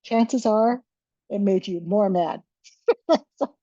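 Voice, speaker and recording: A woman leads a webinar for caregivers, speaking in a relaxed, conversational way and acting out short examples as she goes. Her voice is warm and mellow. The recording is dry and slightly dull. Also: medium pitch, slow, dry recording. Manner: conversational, with frequent restarts and acted-out examples. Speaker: dementia care presenter.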